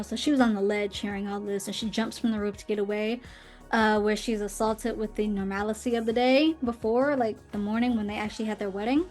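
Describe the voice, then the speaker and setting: A young woman hosting a podcast, casually retelling a film's plot with fillers and little acted quotes. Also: fairly high pitch. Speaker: podcast host. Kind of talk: casual movie recap.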